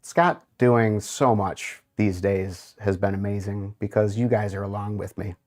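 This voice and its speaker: Now fairly low-pitched, a little mellow and fairly even in intonation, the livestream host takes his time reading viewer messages aloud. He murmurs to himself while browsing, with occasional amused remarks.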